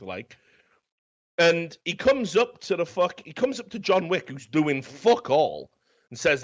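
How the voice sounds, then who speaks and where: A man's voice: a little high, very animated, a little slow. A man hosting a casual comedic film review, telling the story in a rambling, profane way. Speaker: film review podcast host. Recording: dull, lo-fi sound.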